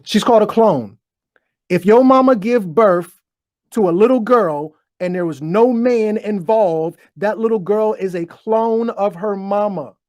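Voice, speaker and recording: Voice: medium pitch, unhurried, darkish tone, no echo, soft background music. A host giving a profane, preachy monologue to viewers, stuttering as they go, talking into a desk microphone. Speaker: online show host. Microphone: desk microphone, bumped while talking.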